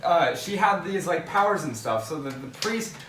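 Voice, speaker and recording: A man haltingly explaining a movie plot during a casual podcast chat, full of fillers. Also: a little high, expressive, a bit bright, a little hiss or hum. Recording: roomy, distant mic.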